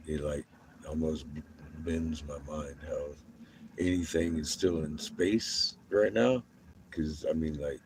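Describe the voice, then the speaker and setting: A man's voice: very deep voice, a little mellow, husky. A man livestreaming from his vehicle, chatting casually with viewers, laughing often and swearing freely.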